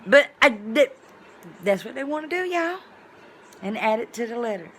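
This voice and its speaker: A woman vlogger telling a story in a casual, colloquial way, with sudden loud exclamations. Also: a little high, expressive, moderate pace, a little hiss or hum.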